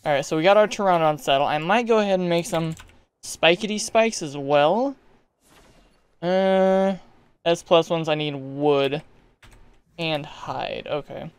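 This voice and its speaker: A man hosting a gaming channel, chatting to himself in let's-play commentary with excitable outbursts. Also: fairly high pitch, measured pace, long pauses, smooth. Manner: chatty, talking to himself while playing.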